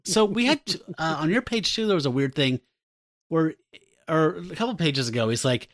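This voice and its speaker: Chatty man recapping comics, lively pitch. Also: moderate pace, no echo, studio quality. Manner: chatty, recapping, laughs often. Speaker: podcast co-host. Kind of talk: casual comic book chat.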